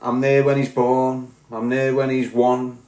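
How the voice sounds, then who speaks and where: A man in his thirties with a Liverpool accent, talking bluntly and swearing as he tells his story on a podcast, going from loud bursts to low mutters. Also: flat delivery, measured pace, reverberant. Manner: blunt and profane, swings between loud outbursts and low muttering. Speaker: podcast host. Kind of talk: candid monologue.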